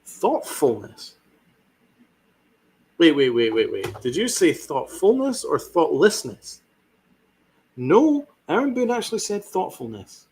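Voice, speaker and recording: A man's voice: fairly high pitch, wildly swooping pitch, a little slow, darkish tone, husky. Fiery sarcastic man ranting about sports. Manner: fiery, sarcastic, swears a lot. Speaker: podcast host. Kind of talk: ranting sports podcast commentary.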